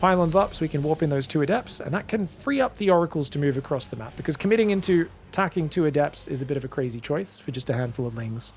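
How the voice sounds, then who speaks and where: A man's voice: on the high side, expressive, fast talker, few pauses, a little mellow, a little hiss or hum. A man giving solo play-by-play commentary on a strategy game, chatty, explaining the strategy to viewers and calling them "guys". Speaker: esports caster.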